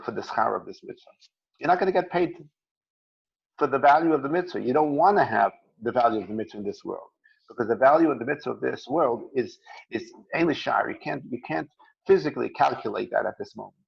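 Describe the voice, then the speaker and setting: A man teaching a Torah lesson in a conversational way, retelling a story with frequent restarts. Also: medium pitch. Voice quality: gravelly. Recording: dull lo-fi recording.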